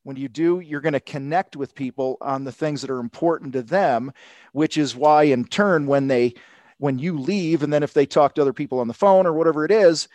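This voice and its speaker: A man telling a sales story in casual podcast talk, acting out the people he quotes with lively energy. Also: a little high, fairly quick, no echo. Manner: animated storytelling, acts out quotes. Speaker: sales coach guest.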